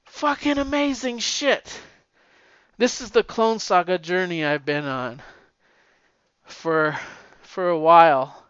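A man casually retelling a comic book plot, excitable and emotional, swearing freely. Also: on the high side, clear, resonant tone, dry recording, dull audio.

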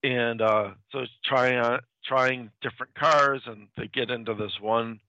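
Male host, gravelly, halting casual talker; dry, phone-like recording. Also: medium pitch, steady tone, sharp tone, no echo. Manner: halting, with frequent restarts and repeated words. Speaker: host retelling old film plots. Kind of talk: casual chat. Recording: dry, tinny phone-like sound.

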